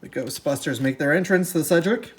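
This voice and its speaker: Chatty, upbeat board game unboxer. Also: medium pitch. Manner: chatty, halting, self-correcting; upbeat, easily delighted. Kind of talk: casual unboxing commentary.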